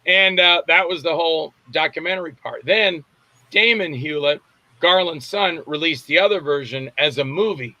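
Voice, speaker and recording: A man's voice: a little high, moderate pace, pushed and bright, no echo, lo-fi sound. An older man from Florida, a guest actor and filmmaker, telling rambling stories in a casual interview and acting out what others said. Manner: rambling storyteller acting out quotes.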